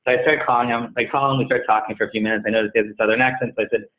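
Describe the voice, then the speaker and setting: A man's voice: medium pitch, racing. A man, a company head, telling stories as a guest in an interview and acting out the voices of past conversations. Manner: animated, acts out dialogue in retold conversations. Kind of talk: storytelling interview answer. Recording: tinny phone-like line.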